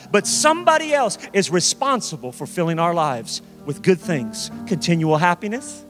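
A pastor delivering a sermon, emphatic and repeating key phrases for weight. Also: male voice, high voice, big pitch swings, normal speed, hardly any pauses, a bit bright, faint music behind.

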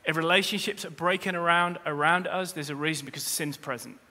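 A man preaching a sermon as pastor, speaking straight to the congregation with humorous asides, and rising to loud, emphatic peaks. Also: a little high, brisk. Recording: long reverb of a large hall.

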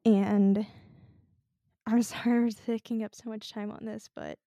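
A woman co-hosting a podcast, talking in a measured, reflective and gently comforting way. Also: a little high, flat delivery, no room sound. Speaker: podcast co-host. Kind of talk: casual chat.

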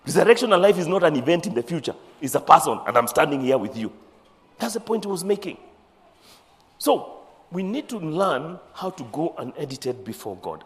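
Animated preacher in a reverberant hall. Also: male voice, a little high. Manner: animated, acts out scripture voices, mixes in Swahili phrases. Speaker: bishop preaching. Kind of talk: sermon.

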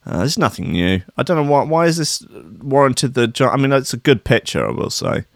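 Male podcast host, sweary and sardonic, with lively pitch swings and a dry sound. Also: a little fast, vocal fry, no room sound. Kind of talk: comic rant about the news.

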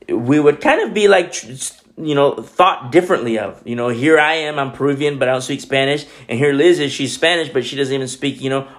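A joking, chatty male pastor preaching a relaxed sermon in a small home church room. His voice sits a little high for a man, and he keeps restarting his sentences as he goes. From Peru. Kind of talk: casual sermon.

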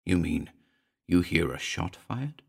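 A man voicing an eager gentleman house buyer who presses quietly and intensely for a ghost story. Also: low-pitched, sing-song, a little slow, gravelly, heavily acted. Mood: pressing.

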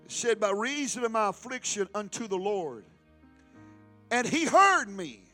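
Preacher guy, high bright voice, hollering at the church. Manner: shouting, preaching with rising intensity and call-and-response. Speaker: pastor. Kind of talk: fiery Pentecostal sermon.

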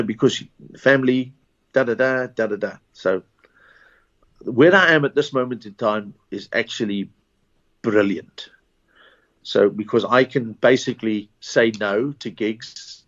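Rambling South African comedian. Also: male voice, medium pitch. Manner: rambling anecdotes with false starts and laughs. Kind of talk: casual interview storytelling. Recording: dull lo-fi recording.

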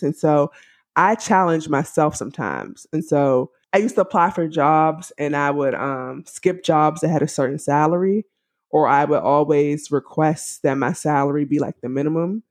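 A woman in her thirties with a Washington DC accent, co-hosting a podcast in casual chat, animated and laughing often. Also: sits low, normal speed. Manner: animated, laughs often, acts out quoted voices. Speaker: podcast co-host.

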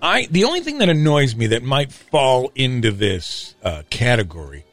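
A man's voice: mid-range voice, sing-song, moderate pace, a bit bright, soft background music. A man in his forties hosting a comedy radio show, cracking puns and laughing at his own jokes in casual banter. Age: 40s.

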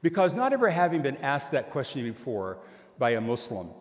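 An older man preaching a sermon, telling a story and acting out both sides of a conversation in an animated way. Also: mid-range voice, fairly quick. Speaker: pastor. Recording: long hall reverb.

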